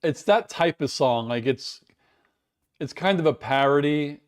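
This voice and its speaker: A man's voice: fairly high pitch, animated, a little slow, clean tone. An American man hosting a casual live stream, chatting and rambling in a self-deprecating way while reading viewer comments, recorded indoors at home. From United States.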